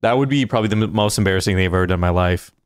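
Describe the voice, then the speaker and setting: Chatty male gaming streamer, smooth voice. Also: deep voice, very fast, no echo, clean studio sound. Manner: chatty, reacts out loud while playing. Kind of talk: casual live gameplay commentary.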